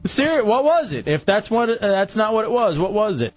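A man's voice: high-pitched, sing-song, a little fast, highs cut off. A man hosting a call-in radio show, teasing his co-host and laughing often. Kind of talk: bantering call-in talk.

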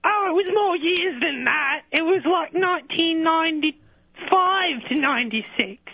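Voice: very high voice, animated, a little slow, vocal fry, no echo, heavily acted. A caller voicing a crude, mouthy English woman scolding her ex-boyfriend over a phone line. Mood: brash. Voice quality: loud, mouthy, insulting. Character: brash crude London woman, angry ex-girlfriend.

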